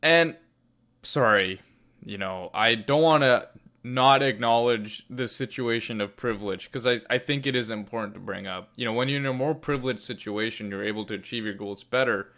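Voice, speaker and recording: A man's voice: medium pitch, moderate pace, a bit bright. Guy cohosting a podcast, earnest and emphatic, giving advice. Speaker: podcast co-host. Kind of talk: casual podcast chat.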